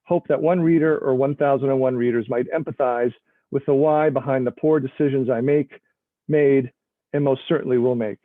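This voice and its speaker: Over a video call on a tinny, phone-like, dry line, an author reads a memoir-style opening from the novel he's working on, adding self-deprecating asides and laughs between passages. His medium-pitched voice stays fairly even at a normal speed.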